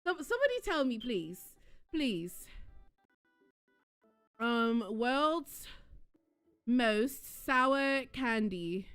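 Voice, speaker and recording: Bright, lively-voiced young woman streamer. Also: a little high, extremely slow, long pauses, clear, resonant tone, soft background music. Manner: excitable, bursts into shrieks and giggles between chatter. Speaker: livestream host. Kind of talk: casual live-stream chat with viewers.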